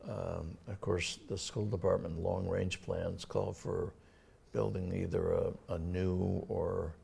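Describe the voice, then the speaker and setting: An older man with a Massachusetts accent, a town administrator talking in a casual local TV interview, halting with many fillers and restarts. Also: low voice, little pitch movement, creaky, mellow, husky.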